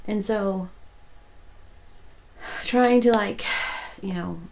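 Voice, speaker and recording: A woman's voice: mid-range voice, very slow, vocal fry, a little mellow, a little hiss or hum, low-quality recording. A woman, chatting casually as a crochet vlogger, rambling with many restarts and turning emotional. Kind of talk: casual chat.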